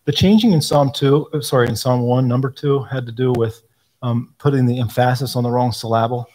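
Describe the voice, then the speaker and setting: A man's voice: mid-range voice, steady tone, brisk, a little mellow. Man explaining hymnal choices. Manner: thoughtful, explanatory, frequent ums, quotes hymn lines aloud. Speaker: hymnal editor answering questions. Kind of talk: live Q&A talk.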